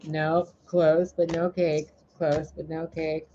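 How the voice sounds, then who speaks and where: On a livestream, a man reads tarot and oracle cards in a musing, playful way, talking to the cards. His voice is mellow, on the high side, slow, and fairly flat in pitch, and the recording is muffled with faint hiss.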